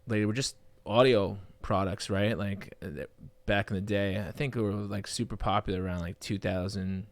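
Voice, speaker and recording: Male podcast host, low voice, dry close mic; loose, jokey, rambling delivery. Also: fairly even intonation, moderate pace, dry recording. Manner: joking, rambling, playful. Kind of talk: casual live podcast chat.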